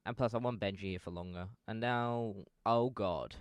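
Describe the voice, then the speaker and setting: A young man talks through fan speculation in a relaxed, unhurried way. His voice sits a little low and sounds smooth and clean. It is recorded dry and close, with no room sound. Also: no echo. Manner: rambling, self-correcting, lots of fillers. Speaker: fan video commentator. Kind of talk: casual fan speculation commentary.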